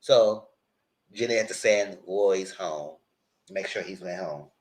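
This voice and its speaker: A man hosting a casual live recap, retelling scenes in a loose, animated way and quoting the characters as he goes. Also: sits low, slow pace. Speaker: TV recap host.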